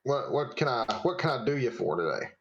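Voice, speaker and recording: Brisk casual sword master, quick talker, man in his own voice. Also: medium pitch, big pitch swings, gravelly, lo-fi sound.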